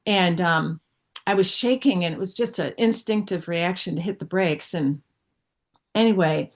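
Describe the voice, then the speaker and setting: Earnest middle-aged woman telling her story. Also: on the low side. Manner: earnest, halting storyteller with restarts. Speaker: guest speaker sharing testimony. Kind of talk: personal testimony in an online group. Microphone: video call.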